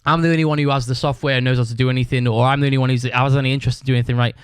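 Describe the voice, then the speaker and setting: Casual male podcaster, sweary rambling storyteller, mid pitch, dry sound. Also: fairly even intonation, very fast, smooth, dry recording. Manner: acts out other people's shouted lines. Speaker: podcast host.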